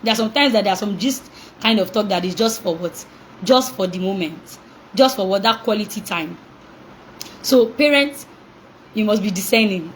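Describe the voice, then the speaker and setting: A young woman coaching parents in an animated talk, acting out reactions, laughing often and asking call-and-response questions. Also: mid-range voice, moderate pace, long pauses, a little hiss or hum, poor audio.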